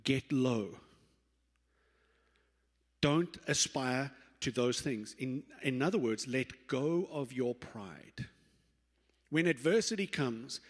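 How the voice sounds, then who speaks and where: A man's voice: mid-range voice, takes it slowly. Man preaching in a reverberant church. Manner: lively storytelling, acts out quoted voices, self-correcting restarts. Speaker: pastor. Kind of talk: sermon. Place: church sanctuary. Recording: long reverb of a church hall.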